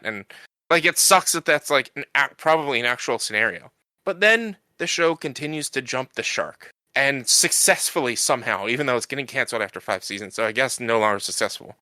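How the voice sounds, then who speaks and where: Bright, crisp-voiced man recapping a show. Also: medium pitch, lively intonation, fairly quick, dry recording. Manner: rambling recap with many fillers and restarts, acting out quoted lines. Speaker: podcast co-host. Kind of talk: casual chat.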